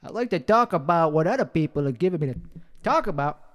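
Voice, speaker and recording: A man's voice: on the high side, animated, quick pace. A man performing a brash, clueless young man persona in a karaoke bar, rambling and cursing as he interrupts himself. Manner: profane, rambling, self-interrupting. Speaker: comedy character performer. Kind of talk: in-character rambling stand-up. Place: karaoke bar with colored lights.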